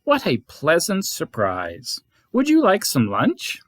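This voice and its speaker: A man's voice: on the high side, wildly swooping pitch, slow pace, exaggerated voice. A man voicing a polite, fussy male rabbit who speaks in a prim way, for a storybook reading.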